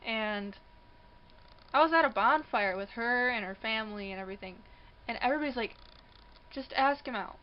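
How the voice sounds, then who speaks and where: Young woman, vlogger, casual storytelling, higher voice, acted-out quotes, frequent laughter, dull lo-fi sound. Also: moderate pace, long pauses. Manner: animated, acts out quoted voices, laughs often. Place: indoors near a passing train.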